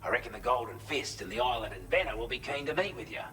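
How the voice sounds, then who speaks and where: A gruff, matter-of-fact Australian contact in a game, talking plainly and a bit salty. His voice is bright and forceful, with faint ambience behind him. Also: mid-range voice, lively intonation, fast, a little hiss or hum, poor audio. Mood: briefing. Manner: blunt, salty, conversational briefing.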